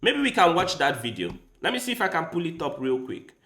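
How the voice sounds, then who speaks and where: Chatty man with a bright voice. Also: a little high, big pitch swings, a little fast. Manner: rambling, chatty, talks straight to his viewers. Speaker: chess streamer. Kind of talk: casual livestream chat. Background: faint background music.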